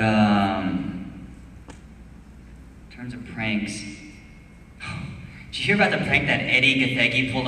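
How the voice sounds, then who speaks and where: A man's voice: mid-range voice, fairly bright tone, slight background noise. Young male actor at a convention Q&A, easygoing and rambling, recorded far off in a reverberant hall. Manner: laid-back, rambling, drowsy, laughs often. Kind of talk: casual panel Q&A storytelling.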